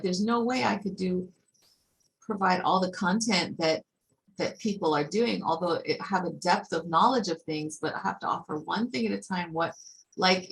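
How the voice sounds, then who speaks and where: Lower-voiced, thoughtful woman on a call. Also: vocal fry, low-quality recording. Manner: thoughtful, musing, searching for words. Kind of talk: reflective group conversation. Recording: faint background noise.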